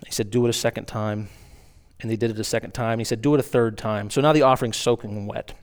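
A man's voice: on the low side, steady tone, fast talker. A man preaching a sermon, reading scripture aloud and explaining it in asides, acting out mocking lines with rising emphasis.

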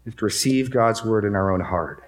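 A man's voice: on the low side, fairly quick. Emphatic male pastor repeating key lines. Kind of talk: sermon. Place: church room with a congregation.

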